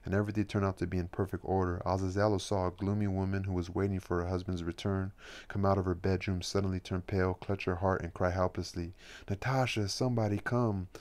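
A man reading a novel aloud as an audiobook narrator, at a measured, steady pace. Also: deep voice. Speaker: audiobook reader.

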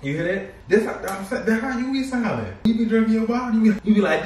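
Young man, joking and cursing; off-mic, boomy room, noisy. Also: animated, quick pace, few pauses, darkish tone, recorded from a distance. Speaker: boyfriend and father. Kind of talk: casual chat and baby talk. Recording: very echoey room, heard from off-mic, noisy background.

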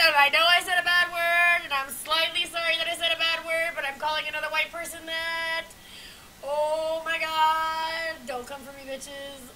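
Young woman vlogger, high bright voice, profane and loud one moment, mumbling the next. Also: fairly even intonation, moderate pace, a little hiss or hum, low-quality recording. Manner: profane, loud exclamations and muttered hums. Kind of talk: casual unscripted vlog chat.

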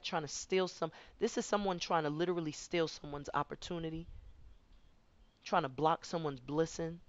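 A woman's voice: low-pitched, muffled recording. A woman giving a conversational spiritual tarot reading, rambling and often repeating her words. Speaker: tarot card reader.

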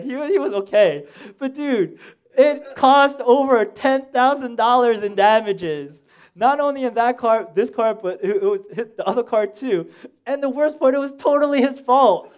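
High-voiced young man preaching a sermon. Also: smooth. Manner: animated storytelling, slangy asides. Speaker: pastor.

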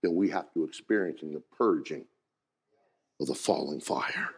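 A man preaching a sermon as pastor, folksy in his wording, moving from hushed storytelling to shouted, rising preaching. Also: a bass voice, moderate pace, gravelly, slightly rough. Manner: folksy, says "ain't" and "gotta".

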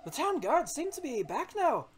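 A man doing a comedic celebrity impression as a male townsman in a video game, with slow, oddly paused delivery. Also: very high voice, sing-song, faint music behind, voice pushed up. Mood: deadpan drawl. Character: male townsman NPC, halting Christopher Walken impression. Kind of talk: comedic game let's-play voice acting.

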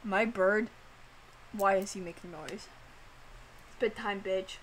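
A woman streamer chatting casually, animated and swearing, filling her talk with "like.". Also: mid-range voice, slow pace, slight background noise. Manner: animated, swearing, heavy use of "like".

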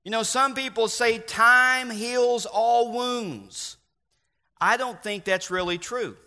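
A man preaching a sermon as pastor, earnest, with slow emphatic stresses and repeated refrains. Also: very high-pitched, pushed and bright. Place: church.

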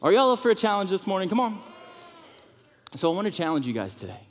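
A man delivers a sermon in a church sanctuary with an animated, shifting delivery. His voice sits on the high side. Long reverb from the hall trails his words. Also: fast talker. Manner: animated preaching, drops to soft tones for comfort, rises high for emphasis. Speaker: pastor.

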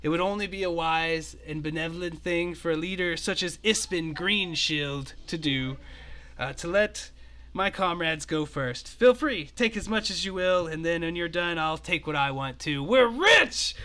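A man's voice: fairly high pitch, lively intonation, moderate pace, sharp tone. A man voicing a scrawny, boastful male adventurer leader who whoops and talks grandly. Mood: grandiose.

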